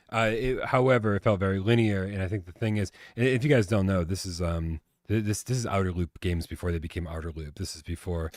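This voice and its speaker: A man with a low voice co-hosts a casual live gaming stream, rambling along, swearing freely and reading out viewer comments. The sound is close and dry, with no room around it. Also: fairly quick, no room sound. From Boston area. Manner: rambling, swears, reads chat aloud. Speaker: podcast co-host.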